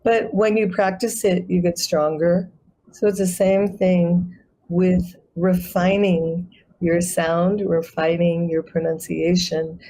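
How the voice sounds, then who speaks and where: A woman who teaches chanting, explaining pronunciation and demonstrating sounds slowly in a conversation over a video call. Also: on the low side, flat delivery, dark tone, rough recording. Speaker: guest, sacred chant artist and yoga teacher.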